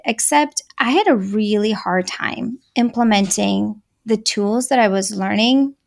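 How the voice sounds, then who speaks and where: Russian-native woman guest, kinda high and gravelly, talking earnest and open. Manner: earnest, candid storytelling. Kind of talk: casual interview chat.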